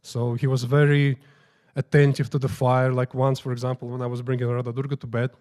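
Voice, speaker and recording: A man of middle pitch, a temple priest speaking to a prayer gathering. He tells anecdotes informally, with halting restarts. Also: flat delivery, darkish tone. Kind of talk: storytelling talk at morning prayers.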